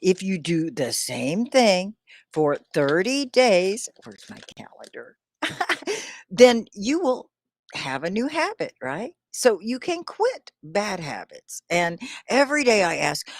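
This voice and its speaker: Lively, laughing woman teaching English. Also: mid-range voice, dry recording, studio quality. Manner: slow, clear, encouraging, laughs often. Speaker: ESL teacher. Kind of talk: live-stream English lesson.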